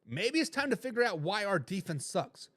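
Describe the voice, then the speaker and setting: A man hosting a sports talk show, his voice sitting high for a man as he rambles and swings between loud and quiet. He talks straight to his viewers. The sound is dry and close, with no room echo. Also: sing-song, normal speed. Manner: addresses viewers directly. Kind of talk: casual sports talk with live chat.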